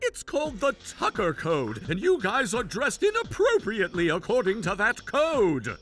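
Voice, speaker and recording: A man's voice: high-pitched, huge pitch swings, normal speed, fairly bright tone, faint music behind, full character voice. A man voicing an arrogant, mocking male chef who owns a restaurant, in a sneering, gloating, theatrical manner. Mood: dismissive. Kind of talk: animated story voice acting.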